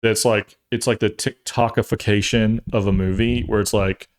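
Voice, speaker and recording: A young man chats casually on his podcast, rambling from one thought to the next. His voice sits a little low, and he turns animated and jokey as he goes. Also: moderate pace. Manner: rambling, jokey, trails off and restarts; animated, acts out quotes in funny voices. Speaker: podcast host. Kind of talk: casual chat.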